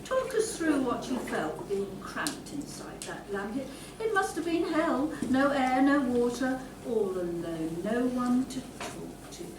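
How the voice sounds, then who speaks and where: A woman's voice: fairly high pitch, very animated, a little slow, few pauses. A woman acting as an earnest, probing talk-show host in an amateur panto comedy. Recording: echoey room, far from mic, noisy.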